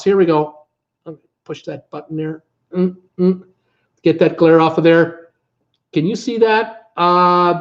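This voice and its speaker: A man's voice: sits high, muffled recording. A middle-aged Canadian man hosting a casual live travel vlog, folksy and exasperated, with lots of filler words. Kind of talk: casual live-stream chat.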